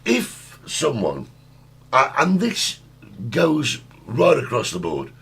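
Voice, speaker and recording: A man's voice: mid-range voice, wildly swooping pitch, slow pace, gravelly, a bit bright, husky. A man co-hosting a casual talk show, reading out viewer comments and giving firm opinions. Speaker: co-host. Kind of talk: casual chat.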